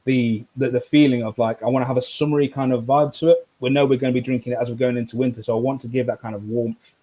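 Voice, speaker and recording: A relaxed man leads a live whisky tasting, his talk loose and rambling, full of fillers and restarts. His voice sits at an ordinary middle pitch for a man. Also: fast talker, muffled recording. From United Kingdom. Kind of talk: casual live tasting chat.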